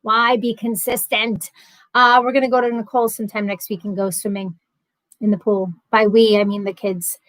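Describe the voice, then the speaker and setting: A woman's voice: medium pitch, level tone, moderate pace, a bit bright, dry recording, low-quality recording. A woman, hosting a casual livestream, chatting and reading out viewer comments, laughing easily. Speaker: livestream host.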